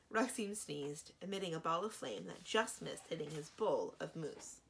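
A woman librarian giving an expressive children's book read-aloud. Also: deep voice, moderate pace, gravelly, hardly any pauses. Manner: expressive, animated reading.

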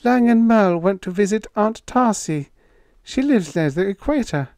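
Man voicing a high, earnest young woman. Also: animated, moderate pace, a little mellow, no echo.

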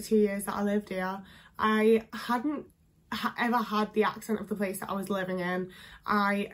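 A young woman with a northern English accent chatting casually to camera, full of filler words. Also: mid-range voice. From England. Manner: chatty, lots of fillers, candid. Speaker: vlogger. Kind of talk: casual talking-head chat.

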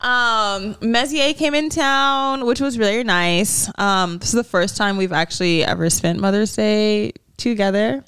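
A woman's voice: mid-range voice, measured pace, hardly any pauses, a bit bright, clear, resonant tone, no echo. A woman co-hosting a podcast, telling a story casually and animatedly, acting out what people said and often laughing. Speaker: podcast co-host. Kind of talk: casual chat.

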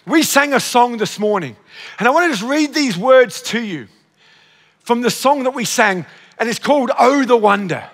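A man in his fifties preaching a sermon as pastor, exclaiming, breaking into shouts and laughing at himself. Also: very high-pitched, lively intonation, normal speed, some chatter behind, slight background noise. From Australia. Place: church auditorium. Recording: long church hall reverb.

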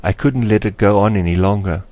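A man reading aloud, voicing a young girl who is a spirit walker, speaking calmly and softly in a motherly way. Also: lowish voice, moderate pace, no echo. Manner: calm, soft, soothing. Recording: dry close recording.

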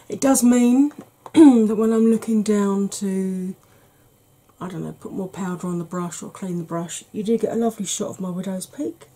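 Woman doing a chatty asmr makeup tutorial, warm mellow voice with some breathy whispering. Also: medium pitch, low-quality recording. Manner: soft, partly whispered, chatty and explanatory.

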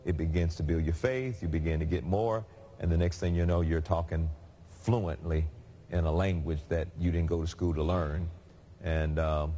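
A man's voice: low-pitched, a little hiss or hum. A man preaching a sermon in a conversational, storytelling way. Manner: conversational, animated storytelling with laughs.

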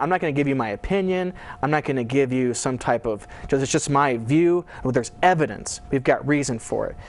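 A man in his thirties, a philosophy professor being interviewed, giving earnest, lecture-like answers with many fillers. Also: mid-range voice.

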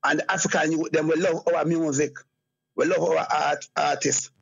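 A man's voice: a little high, fairly even intonation, normal speed, vocal fry, a bit bright, husky. A Jamaican man talking as an interview guest in casual patois, rambling and repeating phrases like "you get me, I say". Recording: dull lo-fi sound.

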